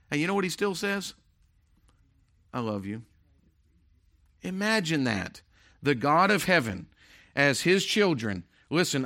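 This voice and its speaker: Bright-voiced preaching man, emphatic. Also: on the high side. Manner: emphatic preaching with swings from loud to hushed. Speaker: pastor. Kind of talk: sermon.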